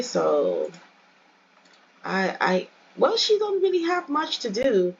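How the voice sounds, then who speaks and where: A woman's voice: on the high side, wildly swooping pitch, slow pace, creaky, long pauses, muffled recording, a little hiss or hum. A woman hosting a let's play, giving chatty, casual commentary and addressing viewers directly.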